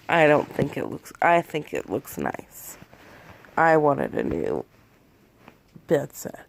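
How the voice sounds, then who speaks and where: Gravelly-voiced woman vlogging from bed. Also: low voice, sing-song, slow, pauses often. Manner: rambling and candid. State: shaky and worn out after a panic attack. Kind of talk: candid confessional vlog. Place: in bed in a bedroom at home.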